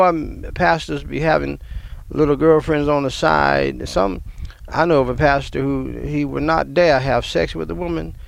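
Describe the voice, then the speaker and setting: A man's voice: fairly high pitch, gravelly. A man in his fifties preaching a sermon, rambling and restarting his words. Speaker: pastor.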